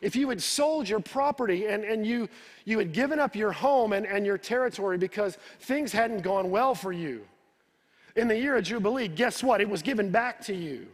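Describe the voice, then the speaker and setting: A man's voice: high voice, lively intonation, normal speed. A male pastor preaching a sermon, retelling the scripture in his own words and repeating words as he builds each point. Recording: reverberant hall.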